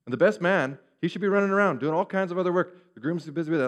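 A man preaching a sermon, animated and acting out the voices of the people he quotes. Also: fairly high pitch, fast talker, hardly any pauses. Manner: animated, acts out quoted speech. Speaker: pastor. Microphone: referring to a screen, preaching to a congregation.

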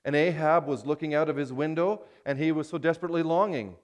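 A man's voice: on the high side, fast, hardly any pauses. A man preaching a sermon, telling a scripture story emphatically, with playful asides.

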